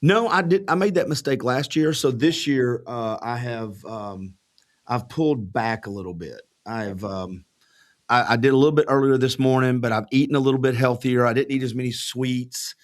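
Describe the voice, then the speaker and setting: A man's voice: medium pitch, normal speed. A man hosting a casual charity podcast livestream, upbeat and chatty. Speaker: podcast host.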